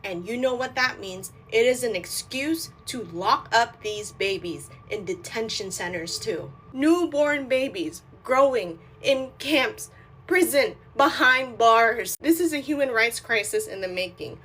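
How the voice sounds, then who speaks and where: A woman's voice: a little high, expressive, unhurried, a bit bright, husky, poor audio. A woman speaking in a solemn, emphatic advocacy tone. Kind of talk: advocacy speech.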